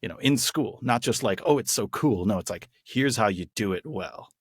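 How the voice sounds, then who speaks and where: A man with a very low, husky voice co-hosts a podcast. He talks enthusiastically, rambling through his points with restarts. The sound is dry and close. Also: expressive, moderate pace, fairly bright tone, no room sound. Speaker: podcast co-host. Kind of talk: casual chat.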